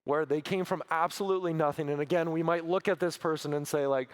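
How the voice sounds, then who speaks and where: A man's voice: on the high side, brisk. A man speaking at a church as a guest from a mission, earnest, with many fillers and restarts. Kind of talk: sermon talk.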